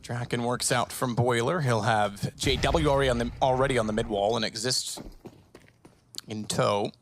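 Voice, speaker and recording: A man calling an esports match, quick and excitable, often correcting himself mid-sentence. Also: mid-range voice, a little hiss or hum. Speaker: esports caster. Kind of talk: play-by-play commentary.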